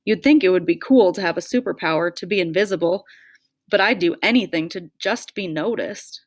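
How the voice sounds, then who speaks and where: A woman's voice: fairly low pitch, fairly quick, dry recording, studio quality. A woman reading a first-person audiobook with a wry, self-deprecating way of telling it. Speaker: audiobook narrator.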